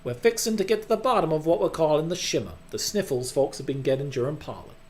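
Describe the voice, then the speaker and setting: A man's voice: medium pitch, big pitch swings, normal speed, natural voice. A man voicing an earnest young woman council member, attempting a southern drawl that he cannot quite manage.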